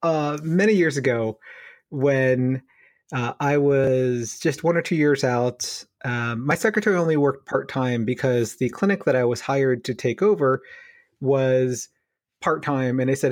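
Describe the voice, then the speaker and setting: A man's voice: medium pitch, unhurried, dry recording, clean studio sound. A man telling a funny clinic story on a podcast, acting out the dialogue and laughing along. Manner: animated, acts out quoted dialogue with laughs. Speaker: physiotherapist podcast co-host.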